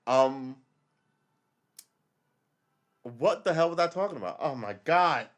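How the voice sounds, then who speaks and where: A man in his forties, mid-pitched, rambling through a casual story on a livestream. He swears freely, repeats himself and drifts off track as he talks. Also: expressive, slow pace. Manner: rambling, profane, loses his train of thought. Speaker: livestream host.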